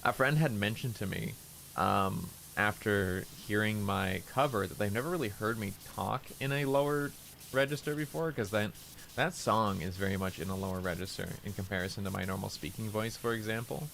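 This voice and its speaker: A man streaming and chatting casually while playing, in a relaxed, low-effort way with frequent restarts. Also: normal speed, creaky, a little hiss or hum, poor audio.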